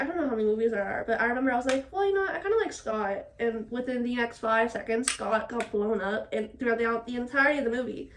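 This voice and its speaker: A young woman vlogging casually at home while doing her hair, talking in an animated, exasperated way, swearing often and laughing. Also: on the high side, distant mic, a little hiss or hum. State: still a bit sick.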